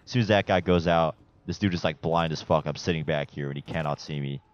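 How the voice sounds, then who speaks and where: A young man with an extremely deep, low voice talks through a video game walkthrough in a relaxed, rambling way, dropping casual swears as he goes. The recording is dull and lo-fi, like a cheap voice-over mic. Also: quick pace. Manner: laid-back and chatty, swears casually, rambles with fillers. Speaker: gameplay guide narrator. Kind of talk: casual gameplay walkthrough commentary.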